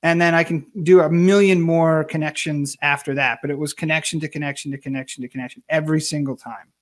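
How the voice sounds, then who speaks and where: A man being interviewed, telling career stories in a casual, animated way and acting out what others said. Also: a little high, fast talker. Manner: animated storyteller, acts out quoted voices. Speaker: guest.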